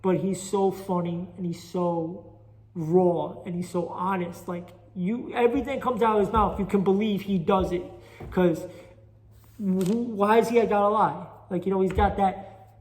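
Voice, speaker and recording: A man's voice: high-pitched, steady tone, measured pace, a little mellow. A man with a New York Italian accent hosting a solo podcast, rambling and restless, self-deprecating about his stand-up. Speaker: podcast host and amateur stand-up comic. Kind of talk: solo casual podcast monologue. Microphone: phone recording. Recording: echoey chamber reverb.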